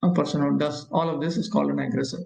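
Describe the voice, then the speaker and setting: A man leads a scripture lesson. He chants verses slowly and explains them with frequent pauses and fillers. His slightly high, gravelly voice rings in an echoey room. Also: fairly even intonation, a little mellow, slight background noise. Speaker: scripture teacher. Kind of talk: scripture class lecture, reading and explaining verses.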